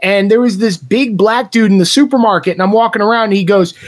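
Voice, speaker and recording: High voiced guy on a podcast, cussing his way through a funny story. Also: fast. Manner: profane, animated storytelling. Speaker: podcast guest. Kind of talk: casual chat.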